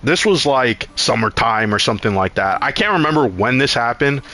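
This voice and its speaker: Excitable young man telling a story. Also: mid-range voice, normal speed. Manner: loose, profane and rambling, often acting out his own lines. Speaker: streamer. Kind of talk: casual live-stream storytelling.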